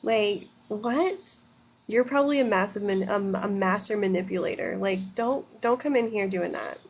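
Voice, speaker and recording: A blunt, opinionated American woman in her thirties hosts a casual livestream, reading comments aloud and swearing frequently as she answers. She speaks at normal speed in a medium-pitched voice with a breathy edge.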